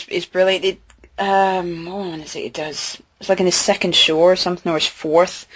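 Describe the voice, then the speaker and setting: A woman's voice: lowish voice, fairly bright tone. A woman co-hosting a casual podcast chat, giggling and breaking into silly sing-song voices. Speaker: podcast co-host.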